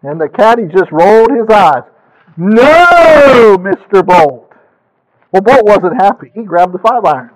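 High-voiced male preacher telling stories. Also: a little fast, few pauses, background noise. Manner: storytelling, animated with rising emphasis. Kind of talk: sermon.

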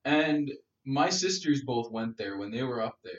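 A Canadian man co-hosts a casual podcast, rambling through stories with lots of fillers. His voice sits at a middle pitch and carries a roomy echo. He sounds set back from a dull, lo-fi mic. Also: moderate pace, distant mic. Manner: animated, filler-heavy storytelling. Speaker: podcast co-host. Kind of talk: casual chat.

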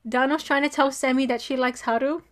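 High-voiced young woman, playfully confused. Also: fairly even intonation, a little fast. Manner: playfully bewildered, mock-scolding. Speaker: podcast co-host. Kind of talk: casual chat recapping a drama.

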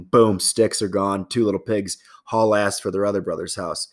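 A man's voice: lowish voice, steady tone, moderate pace, hardly any pauses. A middle-aged man hosting a fitness podcast, talking in a loose, rambling, profane casual monologue.

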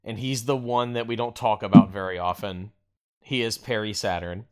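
A man's voice: lowish voice, fairly even intonation, normal speed, clean tone. Enthusiastic man chatting on a podcast. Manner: enthusiastic, leans on filler "like". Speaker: podcast co-host. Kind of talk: casual chat.

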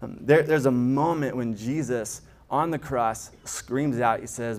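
A man's voice: medium pitch, unhurried, few pauses, darkish tone. A man preaching as a pastor, earnest, with restarts and emphatic rises. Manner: earnest, builds to emphatic peaks, stammers on restarts. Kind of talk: sermon.

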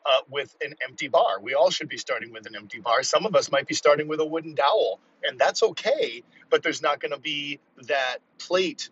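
A man in his fifties talking casually about strength training while driving to work, fast and rambling, highly caffeinated. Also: fairly bright tone, breathy edge, muffled recording. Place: car on the way to work.

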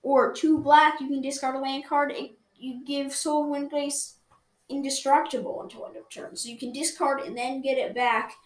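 A woman's voice: high voice, steady tone, moderate pace. A woman reviewing cards in casual chat, enthusiastic and argumentative, rambling with restarts. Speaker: card game reviewer. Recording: roomy echoey room.

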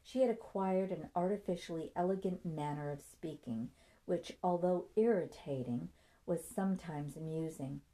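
Low-voiced woman reading a story. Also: moderate pace, warm tone. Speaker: narrator. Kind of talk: audiobook reading.

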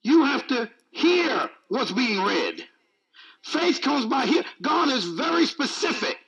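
A man delivers a sermon in a high voice that leaps up and down. His tone is gravelly and a bit husky. He repeats phrases for emphasis and slips in teasing humor. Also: very animated, takes it slowly, a bit bright, highs cut off. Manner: emphatic, repetitive, joking preaching. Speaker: preacher.

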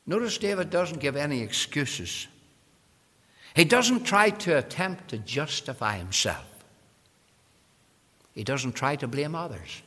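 A man preaching a sermon with great passion, swinging from loud cries to hushed endings and calling the listener "friend". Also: fairly high pitch, sing-song, unhurried, long pauses, long reverb tail. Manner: addresses the listener directly as friend.

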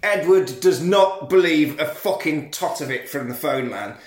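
A man's voice: on the high side, a little slow, roomy sound. A man co-hosting a podcast, recapping a film in a sweary, comedic way and acting out the characters. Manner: sweary, acts out characters in silly voices. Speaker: podcast co-host.

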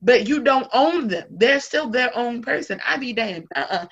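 A woman's voice: on the high side, lively intonation, normal speed, fairly bright tone, husky, lo-fi sound. A woman talking candidly and emphatically in a casual conversation, blunt and swearing freely.

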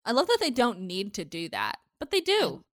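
A woman's voice: on the high side, moderate pace, no room sound, studio quality. A woman hosting a podcast in casual chat, recapping a show animatedly and cursing freely. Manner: animated, swears freely, acts out characters' lines. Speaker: podcast host recapping episodes.

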